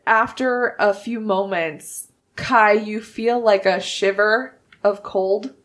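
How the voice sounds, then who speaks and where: A woman narrating a tabletop role-playing game as game master, telling the story in a measured way. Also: mid-range voice, fairly bright tone.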